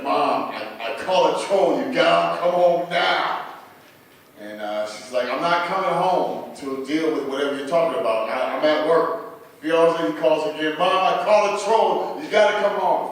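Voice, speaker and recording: A man's voice: mid-range voice, slight background noise. A man in his fifties doing loose, profane stand-up storytelling at an open mic night, laughing at his own jokes. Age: 50s. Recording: echoey bar from a distance.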